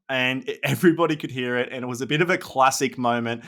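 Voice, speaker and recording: A man, a wedding photographer co-hosting a podcast, telling stories in a laughing, animated way. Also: mid-range voice, fairly quick. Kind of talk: casual podcast chat.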